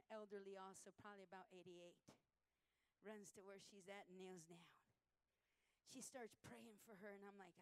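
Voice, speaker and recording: A woman preacher giving a sermon testimony, telling stories in an animated way and acting out what people said. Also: medium pitch, clear, resonant tone, low-quality recording. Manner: animated storytelling, acting out quotes.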